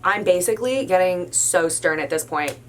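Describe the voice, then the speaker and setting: A young adult woman telling a story about her job in a casual, animated way, with lots of "like"s. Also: fairly low pitch, normal speed, slight background noise. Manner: animated, emphatic retelling with many "like"s. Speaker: storyteller recounting a work incident.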